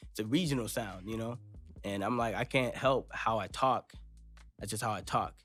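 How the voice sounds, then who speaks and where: A man's voice: lowish voice, normal speed, fairly bright tone, faint music behind. A young man from Los Angeles with a laid-back West Coast accent, talking casually in a studio interview and rambling with lots of fillers. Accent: West Coast American. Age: young adult. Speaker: rapper guest. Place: recording studio.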